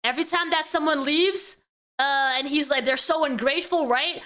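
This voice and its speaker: A woman streamer giving casual commentary on clips, talkative and often ending points with a quick tag question. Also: high voice, pushed and bright.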